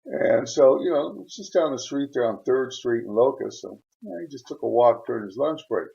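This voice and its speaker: A man hosting his channel, retelling a viewer's letter in a rambling way, chuckling often and filling pauses with "uh.". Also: mid-range voice, lively intonation, creaky, warm tone, dull audio. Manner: rambling, chuckling, frequent fillers. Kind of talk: casual storytelling.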